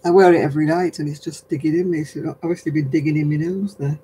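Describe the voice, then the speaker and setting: An older woman from northern England with a softened regional accent, hosting a casual craft live stream, chatting with viewers and chuckling often. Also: low voice, steady tone, quick pace, a little hiss or hum, rough recording. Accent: softened northern English. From Oldham, England. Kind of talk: casual chat answering viewer comments.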